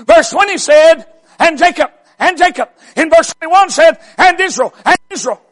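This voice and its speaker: A man preaching a revival sermon, shouting and stretching out his words for emphasis. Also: extremely high pitch, expressive. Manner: shouting, drawn-out emphatic delivery.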